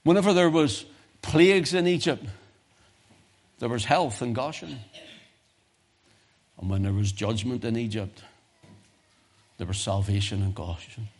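A man with a British accent preaching a sermon, moving from quiet low musing to loud, high-pitched exhortation. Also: measured pace, long pauses.

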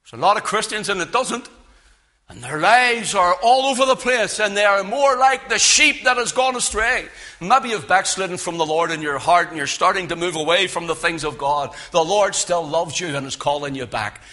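A man preaching a sermon in a church, with a loud, carrying voice that swings from emphatic peaks to low, hushed lines. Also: moderate pace. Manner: impassioned, rising to loud emphatic peaks then dropping low. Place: church with speakers.

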